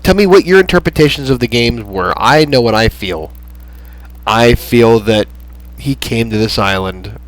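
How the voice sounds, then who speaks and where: A man hosting a gaming channel, chatting in a rambling, halting way with lots of fillers as he wraps up a playthrough. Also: medium pitch, dry recording, low-quality recording. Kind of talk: casual gameplay commentary. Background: soft background music.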